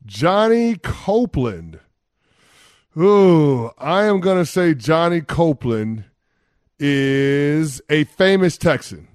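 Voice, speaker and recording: A man on sports radio sounds animated, his pitch swinging widely. He protests playfully, and the studio sound is dry and close. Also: slow pace, dry recording. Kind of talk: casual sports radio banter.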